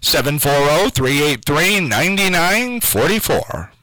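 A man's voice: a little high, big pitch swings, takes it slowly, pushed and bright, dry recording, low-quality recording. A man hosting a call-in radio quiz show from a station studio, taking callers and spelling out names letter by letter.

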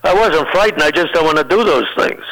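Older man, bright rambling storyteller. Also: fairly high pitch, brisk, rough recording. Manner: rambling, animated anecdotes with restarts. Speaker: comedian guest. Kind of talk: casual storytelling in an interview.

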